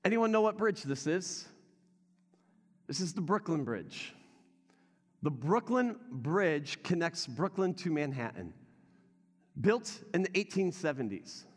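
A male pastor with a notably high voice delivers a sermon, speaking conversationally and turning straight to his congregation. His words ring out with the long reverb of a big church hall. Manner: conversational, addresses the congregation directly.

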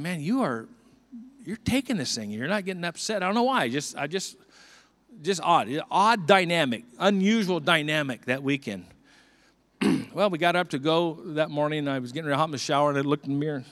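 A man's voice: fairly high pitch, fairly bright tone. Earnest preaching older man. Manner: earnest, conversational preaching with repeated restarts. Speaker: pastor. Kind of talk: sermon.

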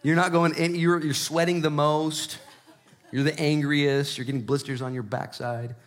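Casual preacher guy, jokes around, swings from hushed to loud and excited. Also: fairly high pitch. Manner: swings between hushed, slow emphasis and loud, excited stretches; conversational, joking preacher. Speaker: pastor. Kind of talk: sermon.

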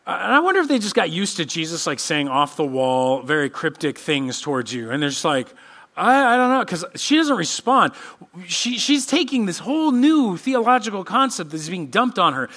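A middle-aged pastor preaches a sermon with animation, acting out the voices of the people he quotes. His voice is high and his speed normal.

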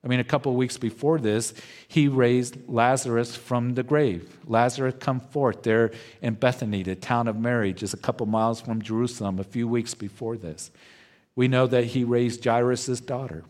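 Brief: male pastor, mid-pitched voice, measured verse-by-verse sermon delivery. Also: fairly even intonation, darkish tone. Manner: slow, deliberate, verse-by-verse teaching. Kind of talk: expository sermon.

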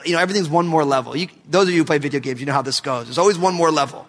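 A man in his thirties preaching a sermon to his church, telling a family story with lively, acted-out voices. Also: on the high side, rapid-fire, in a large hall. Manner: animated storytelling, acts out his kids' voices. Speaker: pastor. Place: church sanctuary.

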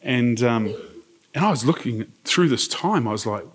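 A man's voice: mid-range voice, animated, normal speed, slightly rough. A middle-aged man preaching a sermon, earnest and conversational, telling a personal story and asking the congregation questions. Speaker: pastor.

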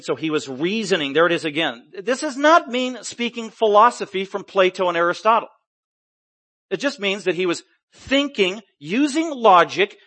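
A man's voice: sits high, fairly bright tone, dry recording. A male preacher giving an emphatic, impassioned expository sermon and stressing his points heavily.

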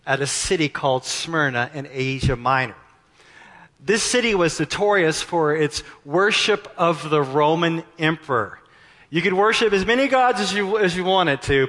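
A man preaching a sermon as pastor, impassioned and climbing to near-shouts at his peaks. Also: fairly high pitch. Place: church sanctuary. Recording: long hall reverb.

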